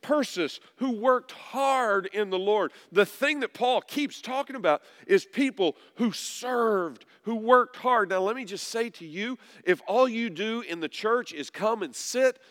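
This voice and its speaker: A pastor preaching a sermon, dropping low and soft at times, then rising loud to press a point. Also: male voice, lively intonation, a little slow, few pauses. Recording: long reverb of a large hall.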